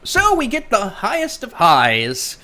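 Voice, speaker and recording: A woman's voice: on the high side, huge pitch swings, slow pace, bright, forceful tone. A woman hosting a casual chat podcast, sarcastic and rambling, often stuttering as she talks. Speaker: podcast host.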